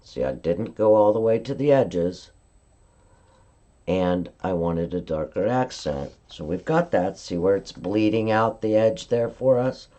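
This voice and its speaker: Brief: woman craft demonstrator, low warm voice, chatty step-by-step coaching on a live stream. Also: unhurried, lo-fi sound. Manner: chatty step-by-step instruction, frequent "okay?" check-ins. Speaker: card-making demonstrator.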